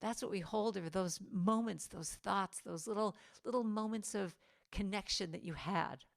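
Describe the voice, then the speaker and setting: A middle-aged woman giving a spiritual talk to a congregation over a video call, animated and playful, acting out the quotes she tells. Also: medium pitch, moderate pace, vocal fry. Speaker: guest speaker and singer.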